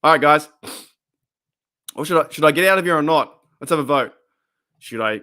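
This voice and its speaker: A man's voice: fairly high pitch, animated, moderate pace, sharp tone. A man with an Australian accent hosting a casual live stream, rambling, repeating himself and laughing often.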